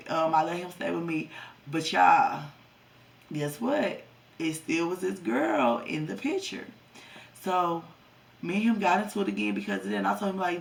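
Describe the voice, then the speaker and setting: Young woman vlogger with a gravelly, creaky voice, blunt and profane, speaking a bit off-mic. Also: lowish voice, far from the mic. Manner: profane, blunt storytelling, talks to viewers as y'all. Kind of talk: storytime vlog.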